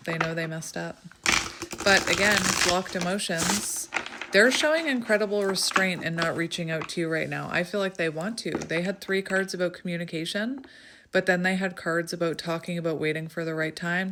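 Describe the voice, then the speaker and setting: Speaking to camera over a noisy background, a woman with a lowish voice gives a casual tarot reading. She chats and thinks aloud while drawing cards, laughing frequently and breaking into bursts of excitement.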